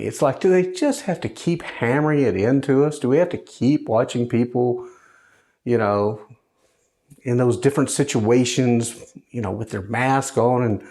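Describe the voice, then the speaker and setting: A man speaks in a lively voice whose pitch swings up and down as he talks. He sounds conversational and wry, slipping into sarcasm, a widower now living alone and talking about his grief. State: widowed, grieving. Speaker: host. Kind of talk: personal monologue.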